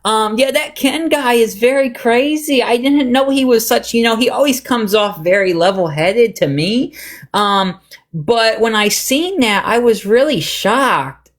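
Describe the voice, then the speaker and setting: A man hosting a casual livestream, rambling through gossip and getting animated as he retells online drama. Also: extremely high pitch, a little slow. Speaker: livestream host.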